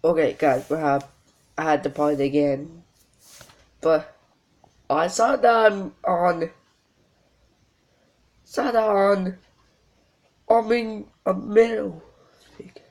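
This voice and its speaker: Slow, halting male reaction host. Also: high voice. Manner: halting, with many fillers and repeats. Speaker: channel host reacting to a video. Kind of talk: casual reaction commentary.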